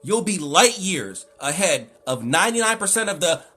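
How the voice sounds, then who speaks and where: A man's voice: sits high, very animated, moderate pace, sharp tone, slightly rough. A man hosting a live stream, lecturing emphatically and with exasperation as he answers chat.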